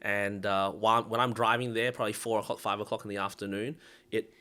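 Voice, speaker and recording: A man's voice: lowish voice, a little fast. A man with an Australian accent, chatting casually as a podcast co-host and telling stories with animation. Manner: animated storyteller, laughs through his stories.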